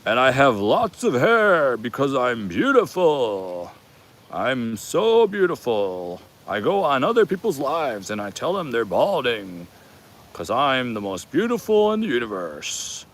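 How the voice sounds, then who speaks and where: A man in his forties voicing a vain, boastful man who calls himself god of the universe, speaking slowly and grandly. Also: very animated. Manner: slow, booming and boastful.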